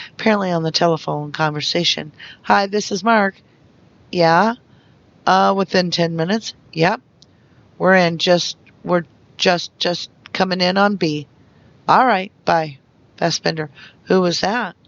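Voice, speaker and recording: A reader going through investigation transcripts aloud, naming each speaker and stage note in a flat way. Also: mid-range voice, gravelly, dry recording, dull audio. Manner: reads out speaker labels and stage notes flatly.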